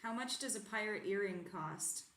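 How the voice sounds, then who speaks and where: A woman's voice: mid-range voice, moderate pace, a bit bright. A woman chatting casually and cheerfully on a video call, laughing often. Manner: giggly, upbeat, laughs a lot.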